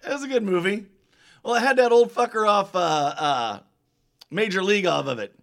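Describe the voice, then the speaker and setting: A man's voice: high voice, animated, normal speed, a bit bright. A man hosting a casual live-stream chat with rowdy, profane, teasing banter. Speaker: host.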